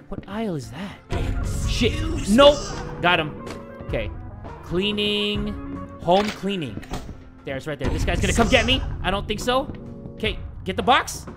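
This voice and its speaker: A man commentating a video game he is playing, excitable, swearing often and breaking into shouts. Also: high voice. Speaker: gaming YouTuber. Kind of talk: let's-play commentary. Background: game music.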